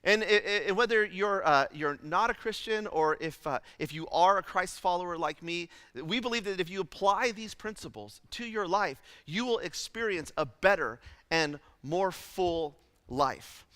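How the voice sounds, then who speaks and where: A man preaching a sermon as pastor, telling a childhood story in an animated, self-deprecating way with lots of fillers. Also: high voice, measured pace, clean tone, no room sound, in a large hall. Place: church auditorium.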